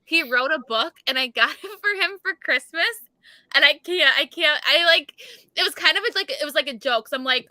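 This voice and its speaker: A woman's voice: sits high, normal speed, pushed and bright, no echo, studio quality. A young adult woman hosting a casual reading livestream, chatty and full of fillers, laughing often. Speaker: livestream host. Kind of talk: casual chat.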